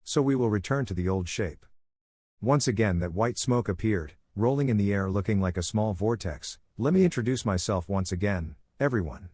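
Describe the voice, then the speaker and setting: Low-voiced man narrating a story recap. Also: lively intonation, moderate pace, warm tone, breathy edge, no echo, clean studio sound.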